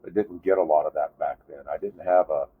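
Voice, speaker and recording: Low husky veteran man, animated storyteller. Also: a little fast, narrow, tinny audio. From United States. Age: 50s. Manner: animated storyteller, voice jumps up in disbelief. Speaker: guest, Army veteran. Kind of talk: casual storytelling interview.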